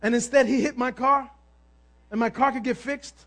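A male pastor preaching a sermon, telling stories with lively energy, calling out to the congregation and sometimes shouting. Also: extremely high pitch, moderate pace. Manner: animated storytelling, asks the crowd "amen?", bursts of shouting.

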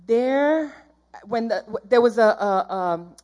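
A woman's voice: on the high side, expressive, takes it slowly, darkish tone. A woman giving a church testimony in an earnest, heartfelt, rambling way, jumping around in her story.

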